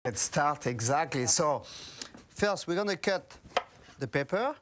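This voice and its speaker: A man with a French accent, a chef, explaining a dish in halting English and pausing to find his words. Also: fairly high pitch, lively intonation, fairly bright tone. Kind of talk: cooking demonstration chat.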